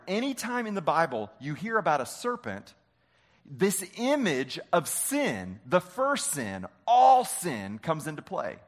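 A man preaching a sermon, animated and often asking the congregation questions. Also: high-pitched. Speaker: pastor.

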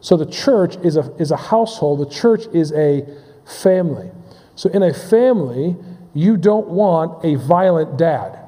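A pastor with a fairly high, mellow, animated voice preaches a sermon, halting, repeating words, restarting phrases and putting questions to his congregation. A large hall gives the recording a long reverb.

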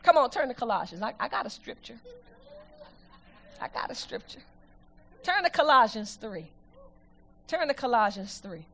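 A woman preaching a sermon, lively and emphatic, reading scripture slowly aloud with the congregation. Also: high voice.

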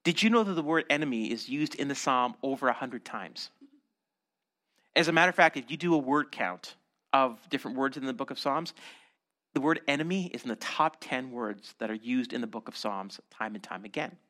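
A man preaching a sermon as pastor, talking conversationally with many "right?" tags and repeated words, and acting out quoted voices with big swings in pitch and loudness. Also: expressive, fairly quick.

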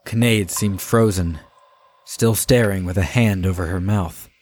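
A man narrating a fantasy audiobook in a measured, even storytelling manner. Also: deep voice, no room sound.

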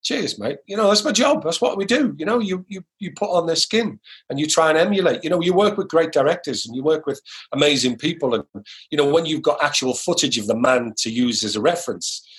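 A man's voice: fairly high pitch, brisk. A middle-aged British man, an actor, chatting as an interview guest, telling anecdotes and acting out the lines of the people in them. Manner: lively anecdotal storyteller who acts out quoted lines. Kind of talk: casual interview storytelling.

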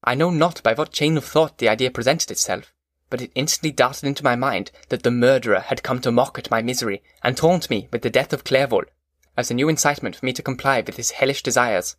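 A man narrating a classic novel as an audiobook in a measured, formal reading. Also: mid-range voice, no echo, studio quality.

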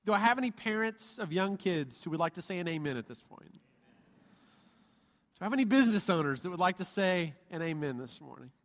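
A male pastor preaches with a high, bright-pitched voice, playful and animated as he calls out to his congregation for amens. His voice rings through a church sanctuary with a long, reverberant tail. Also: moderate pace. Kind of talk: sermon. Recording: reverberant hall.

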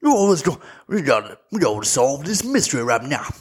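Dude doing a big drawly southern detective guy, hammy generic southern accent, pitched up. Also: very animated, brisk, husky. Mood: blustering. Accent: exaggerated generic Southern US. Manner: drawling, overblown. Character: blustery Southern detective man.

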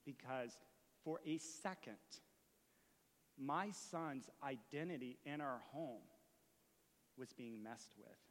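A man preaching a sermon as a story, moving from hushed retelling to impassioned shouting. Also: mid-range voice, slow, long pauses, long reverb tail. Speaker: pastor.

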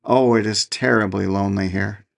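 A man's voice: lowish voice, fairly even intonation, moderate pace, gravelly. A man voicing a lonely young fir tree in a storybook reading, talking in an earnest, wistful way.

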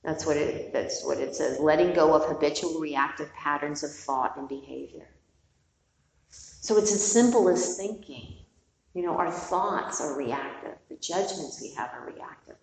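Heard from afar in a roomy hall with faint noise, a middle-aged meditation teacher speaks at a measured pace in a low, gravelly, darkish voice. Her dharma talk to the group is candid and wandering, sprinkled with casual swearing.

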